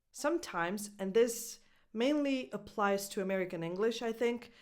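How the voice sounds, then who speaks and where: A woman coaching English pronunciation, saying each word slowly and repeating it for drilling. Her first language is Italian. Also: medium pitch, darkish tone. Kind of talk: pronunciation lesson.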